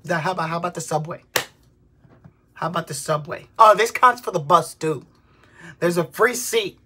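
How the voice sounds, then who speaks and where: A woman in her twenties, a vlogger, delivering an exasperated comedic rant, swearing and bursting into shouts. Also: lowish voice, normal speed, a little hiss or hum. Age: 20s.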